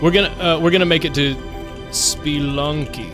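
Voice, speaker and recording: A man's voice: on the high side, steady tone, rapid-fire, over music. A young man streaming games, rambling and joking casually as he talks to his chat. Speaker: game streamer.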